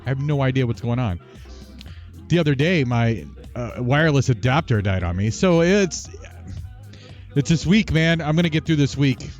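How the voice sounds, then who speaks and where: A man hosting a gaming livestream, telling a long rambling story with restarts and asides, and speaking quietly at times. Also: mid-range voice, animated, normal speed, muffled recording, soft background music. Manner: talks quietly at times for housemates. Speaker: streamer and show host. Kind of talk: casual livestream chat.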